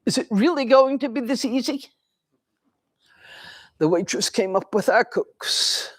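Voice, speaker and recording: An older woman giving a dharma talk in a temple, telling a personal story in a slow, reflective way with pauses. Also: on the high side, breathy edge, no room sound. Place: temple hall.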